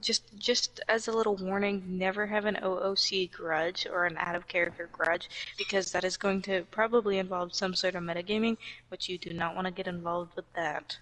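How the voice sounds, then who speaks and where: A woman's voice: on the low side, steady tone, fairly quick, few pauses, a bit bright, rough recording. Woman co-hosting a gaming podcast, casual, chatty, giving advice. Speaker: podcast co-host. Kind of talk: casual chat while gaming.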